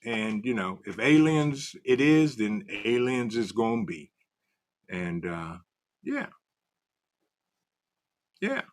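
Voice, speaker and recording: A man's voice: mid-range voice, sing-song, slow, pauses often. A man hosting a casual livestream, greeting viewers from the chat by name in a loose, way. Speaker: livestream host.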